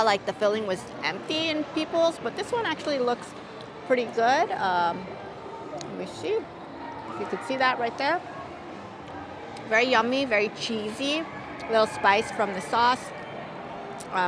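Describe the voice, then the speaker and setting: A woman's voice: on the high side, noisy background. A woman food vlogger chatting casually as she tastes and reviews dishes outdoors, hedging and thinking aloud. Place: outdoors at a theme park, windy.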